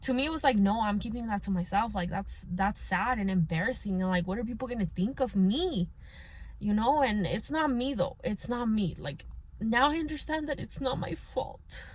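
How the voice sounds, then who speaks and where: A woman's voice: a little high, expressive, normal speed. Candid young woman telling a personal story. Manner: casual and candid, mixing in Spanish, frequent fillers. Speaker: vlogger.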